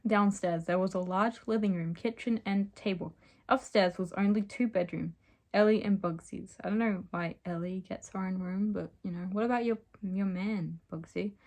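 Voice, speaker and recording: A woman's voice: medium pitch, steady tone, normal speed, darkish tone. A young woman reading aloud stories she wrote as a child, breaking off for giggly, self-mocking asides. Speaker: reader of her childhood stories.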